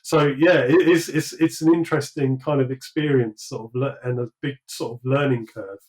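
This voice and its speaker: A man's voice: mid-range voice, fairly even intonation, moderate pace, darkish tone, poor audio. A British man, likely in his thirties, talking through his career in a casual interview, rambling with many fillers and restarts. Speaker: sculptor guest.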